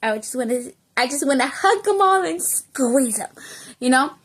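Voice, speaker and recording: A woman telling a personal story in a casual vlog, animated and chatty, checking in with the listener and slipping into bits of Spanish. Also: high voice, normal speed. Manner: animated, keeps checking in with "okay?" and "you know?". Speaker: storytelling vlogger.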